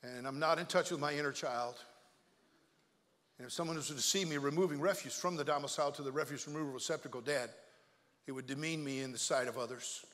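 A man's voice: on the high side, fast, fairly bright tone, big-room sound, voice pushed down, lightly acted. A preacher putting on a pompous boy refusing chores. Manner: grandiose, overly formal wording.

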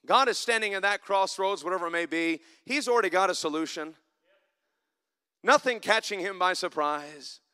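A man preaching a sermon in church, climbing to loud emphatic passages and dropping to soft, reflective asides. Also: sits high, normal speed, clean tone. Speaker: pastor.

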